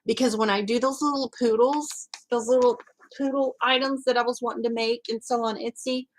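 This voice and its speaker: A woman's voice: on the high side, fairly even intonation, brisk, low-quality recording. A woman hosting her crafting channel, unboxing a gift and chatting, gushing and exclaiming, often choked up and close to tears. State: tearful, choked up. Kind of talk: casual vlog unboxing chat.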